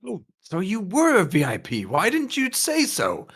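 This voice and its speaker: A man's voice: sits high, huge pitch swings, moderate pace, fairly bright tone, breathy edge, voice pushed up, heavily acted. A man voicing a fussy, overly polite male doorman in a tabletop game. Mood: prim. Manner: prim, exaggerated courtesy.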